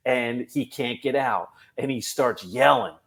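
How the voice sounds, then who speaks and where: A man, a police officer, telling a funny work story on a podcast, animated and laughing through it. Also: medium pitch, a little slow.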